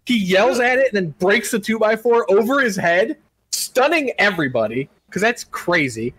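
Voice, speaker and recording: A man's voice: sits high, moderate pace, breathy edge, no room sound, poor audio. A man co-hosting a casual podcast, animatedly retelling a wrestling show and often laughing. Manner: animated storyteller, laughs often, shouts impressions. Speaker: podcast co-host recapping wrestling.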